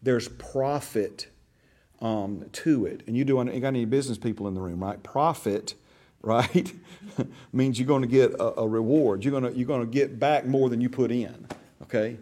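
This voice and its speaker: At normal speed and in a dark, mid-range voice, a man leads a church discipleship class conversationally. He restarts sentences, repeats words, and checks in frequently with "right?" and "okay?"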